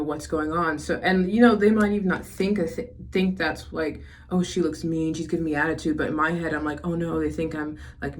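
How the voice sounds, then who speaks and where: A young adult woman talking to camera in a casual confessional vlog, rambling with lots of fillers and restarts. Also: low voice.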